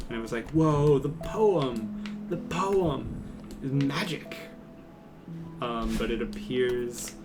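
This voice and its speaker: A man's voice: medium pitch, gravelly. A goofy young man streaming gameplay commentary, sarcastic, swearing and laughing often. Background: game music.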